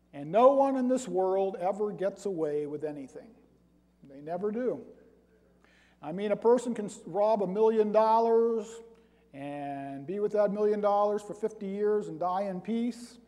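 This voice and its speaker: A man preaching a sermon, reading scripture aloud and building to loud, emphatic points. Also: high voice. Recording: long hall reverb.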